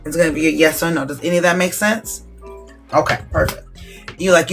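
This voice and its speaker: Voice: medium pitch, brisk, a bit bright, soft background music. A tarot reader hosting a live-stream reading, talking casually and checking in with viewers with "okay?" again and again, with the odd swear word thrown in.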